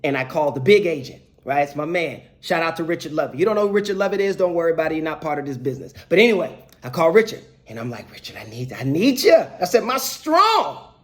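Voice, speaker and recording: Guy telling a story, pitch jumping all over, doing everyone's voices. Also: very fast, hardly any pauses. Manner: animated, acts out other people's voices. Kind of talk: casual anecdote.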